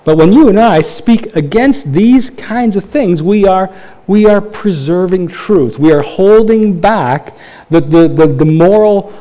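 Mellow-voiced male pastor preaching conversationally. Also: sits high, animated, a little slow. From Canada. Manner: conversational preaching with rhetorical questions and emphatic rises. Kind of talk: sermon.

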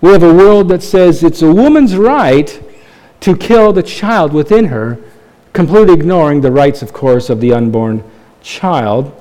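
A male pastor from Canada delivers a sermon in a mellow, warm voice that sits a little high for a man. He talks to the congregation conversationally and throws in rhetorical questions and emphatic rises. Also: lively intonation, unhurried.

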